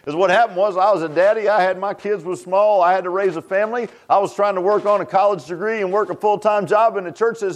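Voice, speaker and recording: A male pastor preaching in a folksy, chatty way, his voice sitting a little higher than most men's. He keeps asking the listeners rhetorical questions and repeats himself for emphasis, laughing at his own jokes along the way. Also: fast, hardly any pauses. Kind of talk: sermon.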